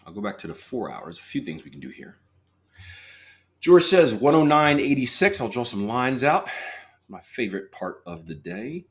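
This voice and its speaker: A man's voice: medium pitch, big pitch swings, normal speed. A man coaching viewers through a live trading walkthrough, chatty and casual, talking straight to his audience and asking for replies.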